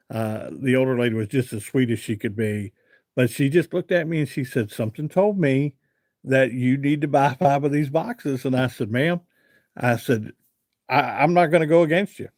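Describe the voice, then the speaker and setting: A man's voice: mid-range voice, a little mellow, dry recording. Chatty man telling a story to his live chat, dry close sound. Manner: chatty, rambling with fillers and repeated "I said". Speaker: livestream host.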